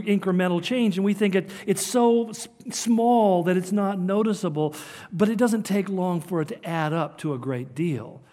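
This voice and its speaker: Earnest and emphatic, an older Southern Californian preacher gives a sermon on prophecy with a delivery that rises and falls. His voice sits high and sounds mellow.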